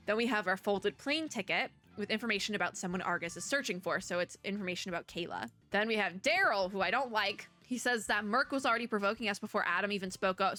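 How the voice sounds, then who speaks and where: A woman's voice: mid-range voice, bright, forceful tone. A woman gaming creator giving casual let's-play commentary, reading story text with chatty, laughing asides.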